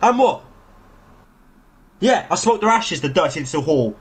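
A man's voice: big pitch swings, normal speed, slightly rough. A man with a British accent, sneering and hurling abuse during an online argument. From United Kingdom. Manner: sneering, abusive, low muttering. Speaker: online opponent.

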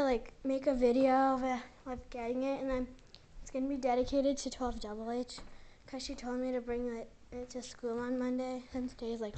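A woman's voice: high-pitched, darkish tone, a little hiss or hum. A young woman from the United States chatting casually at home in a bubbly, rambling vlog, full of "like" fillers. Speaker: vlogger.

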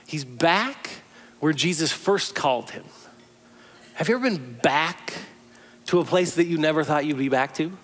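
A man's voice: a little high, animated, moderate pace, a bit bright. A male pastor preaching a sermon in a conversational storytelling way, full of imaginative asides.

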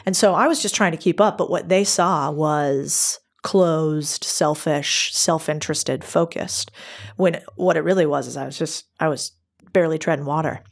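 A woman speaking as a podcast guest in a casual interview, telling stories in a lively, brisk and candid way. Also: deep voice.

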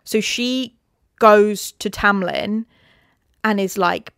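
A woman co-hosting a podcast in casual book-club chat, retelling the plot with quick quoted voices and frequent swearing. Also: medium pitch, gravelly, fairly bright tone, dry recording, clean studio sound. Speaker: podcast co-host.

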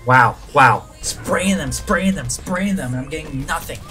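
A man giving excited live commentary on his own gameplay, reacting loudly to the action and muttering to himself between moments. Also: a little high, unhurried, music in the background. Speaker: gaming channel host.

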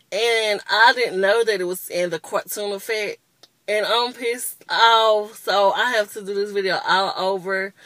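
A woman's voice: mid-range voice, fairly bright tone, no room sound. A woman in her twenties giving a casual, rambling makeup review, openly annoyed and chatty. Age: 20s. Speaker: beauty vlogger.

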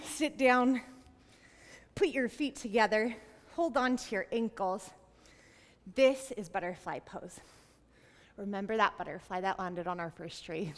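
A woman's voice: medium pitch, fairly bright tone. A young woman leading a yoga class for children, playful, sing-song and encouraging, with animal sounds. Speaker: kids yoga teacher. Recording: long reverb in a large room.

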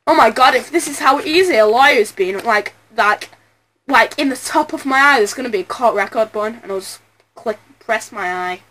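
A woman's voice: a little high, moderate pace, fairly bright tone. A woman hosting a casual let's-play video, chatting in a silly way and reading game text aloud. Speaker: gaming video host.

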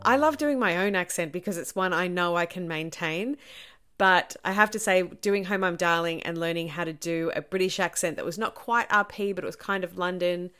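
A woman's voice: fairly low pitch, moderate pace, a bit bright, smooth. A woman actor, answering questions in a chatty, self-deprecating way with lots of ums. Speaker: stage actor. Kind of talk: casual Q&A answers to camera.

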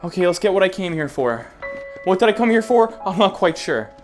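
A man talks through a game in a jokey, rambling way and keeps breaking into panicked shouts. His pitch jumps around a lot, and soft music runs underneath. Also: very animated, fairly quick. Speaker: VR gaming YouTuber. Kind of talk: gameplay commentary.

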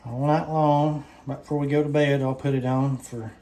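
A man's voice: medium pitch, steady tone, moderate pace, far from the mic. A middle-aged father, talking plainly and briefly at home. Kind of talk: casual family chat. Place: home kitchen. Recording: roomy, off-mic, noisy room.

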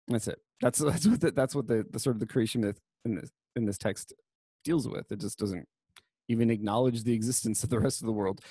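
A man's voice: medium pitch, darkish tone, no echo. A young man giving a casual university lecture on literature, chatty and full of fillers and self-corrections.

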